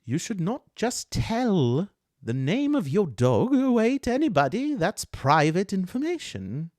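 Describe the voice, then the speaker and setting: A man's voice: sits high, sing-song, darkish tone, no room sound, clean studio sound, voice pushed up. Man doing a prim, touchy woman elf. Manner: fussy, lecturing, quick to take offense.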